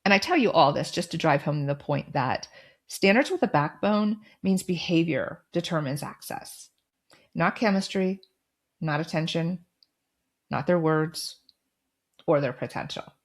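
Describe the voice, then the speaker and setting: A middle-aged woman hosting a podcast, telling a personal story and giving advice in a calm, firm, direct way. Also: low-pitched, measured pace. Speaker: podcast host.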